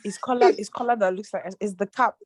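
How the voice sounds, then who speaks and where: A woman with a Nigerian accent co-hosting a podcast, telling animated stories in casual chat and acting out the voices of the people in them. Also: mid-range voice, fast talker, dry recording. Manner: animated storyteller, acts out quoted voices, laughs often. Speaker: podcast co-host.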